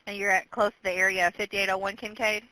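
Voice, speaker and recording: A woman's voice: mid-range voice, little pitch movement, fast talker, sharp tone, dry recording. A woman working as an emergency dispatcher, firmly repeating instructions over a phone line. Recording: telephone line.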